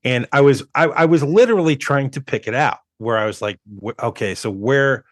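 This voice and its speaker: A man co-hosting a movie podcast, in an animated, rambling manner with frequent restarts. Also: medium pitch, fairly quick, no room sound, studio quality. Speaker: podcast co-host. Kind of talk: casual movie discussion.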